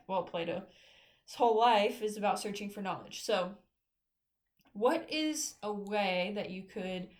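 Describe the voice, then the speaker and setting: A woman teaching a philosophy class, her voice sitting at an ordinary middle pitch. She talks casually and haltingly, with frequent fillers and restarts. She sounds out of breath. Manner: casual, hesitant, many fillers and self-corrections. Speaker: philosophy lecturer. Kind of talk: informal recorded lecture.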